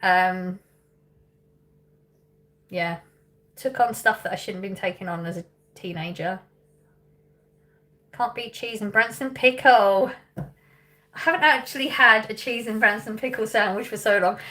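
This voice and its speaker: A woman's voice: fairly high pitch, pushed and bright. Chatty woman hosting a livestream. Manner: chatty, laughs often, thinks aloud with fillers. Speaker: livestream host reading viewer questions. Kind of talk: casual live chat.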